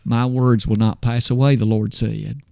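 A man's voice: medium pitch, level tone, moderate pace, gravelly, a little mellow, no room sound, studio quality. A man preaching a sermon, posing rhetorical questions and swinging his voice up and down when he quotes scripture.

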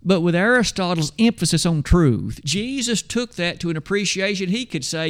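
A man preaching a sermon, emphatic, asking rhetorical questions and slowing down to stress scripture. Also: sits high, lively intonation.

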